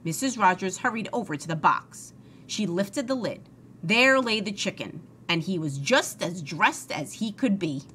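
A woman's voice: medium pitch, expressive, unhurried, pushed and bright, a little hiss or hum. A woman reading a children's book aloud expressively and talking to young listeners. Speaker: storybook reader.

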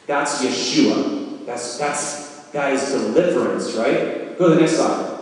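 A man's voice: medium pitch, lively intonation, slow pace. A man giving a sermon, walking his listeners through imagined scenes with vivid storytelling. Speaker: preacher. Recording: roomy hall, mic from far off.

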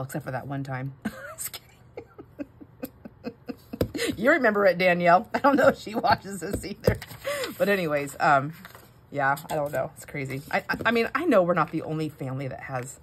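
A woman's voice: sits low, a little hiss or hum. A middle-aged woman hosting a crafting vlog, telling family stories in a rambling, self-interrupting way while she stamps. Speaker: crafting channel host. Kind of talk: casual chat while stamping.

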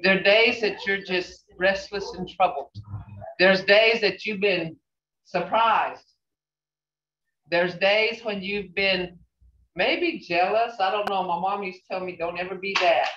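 Slow older woman teaching in a roomy space. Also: medium pitch, fairly bright tone, a little hiss or hum. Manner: slow, repetitive teaching with emphatic questions. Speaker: language teacher. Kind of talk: language lesson. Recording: roomy, distant, dull sound.

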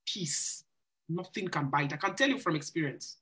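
A woman's voice: sits low, sing-song, fast talker, a bit bright. Earnest woman giving live relationship advice. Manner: earnest, preacherly, repeats phrases for emphasis. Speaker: church singles ministry host. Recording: live stream.

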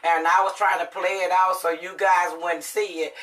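Bright-voiced woman telling family stories. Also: fairly low pitch, normal speed, distant mic, poor audio. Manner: emotional, animated storyteller acting out quotes. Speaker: mother and family vlogger. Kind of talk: casual storytelling to viewers.

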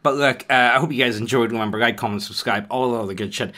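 Fast, bright-voiced sweary host. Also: male voice, mid-range voice. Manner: sweary, rambling, full of fillers and laughs. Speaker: channel host. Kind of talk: casual outro chat.

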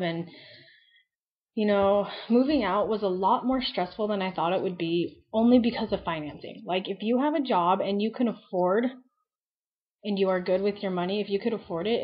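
A young woman of about nineteen rambles cheerfully to her webcam, scattering likes and ums through every sentence. Her voice sits at an ordinary middle pitch. The audio is a bit dull and lo-fi, like a built-in camera mic. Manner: chatty and rambling, heavy use of "like" and "um". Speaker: beauty vlogger. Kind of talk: casual chat to camera.

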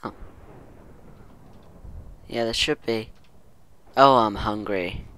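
A gaming channel host with a fairly low, smooth voice that sounds pushed and bright speaks slowly. He rambles through a let's-play commentary on his own gameplay, musing aloud to himself and humming now and then.

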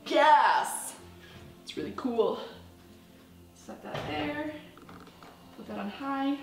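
Goofy american girl vlogging while she cooks, kinda high voice, echoey kitchen. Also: extremely slow, vocal fry, music in the background. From United States. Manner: chatty, goofy, talks to herself while cooking. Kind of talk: casual cooking vlog. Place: home kitchen.

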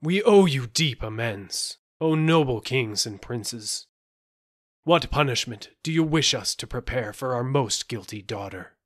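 Man voicing a grave old storybook king, solemn and heavy, husky voice. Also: medium pitch, animated, unhurried. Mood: shamed.

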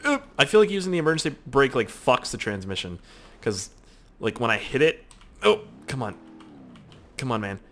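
Excitable young man swearing at his game. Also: mid-range voice. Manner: excitable, swearing, mock-despairing. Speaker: gaming YouTuber. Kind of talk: casual gameplay commentary.

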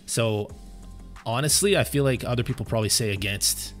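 A man's voice: medium pitch, a little fast, soft background music. A man streaming live gameplay, chatting casually and answering his viewers' questions while sounding tired. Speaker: game streamer.

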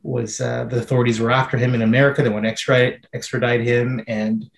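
Man, filmmaker in a Q&A, flat even delivery, searching and thoughtful, roomy echo. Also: mid-range voice, a little fast, vocal fry. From Canada. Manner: thoughtful, searching, many fillers and restarts. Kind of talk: Q&A interview answers. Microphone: video call.

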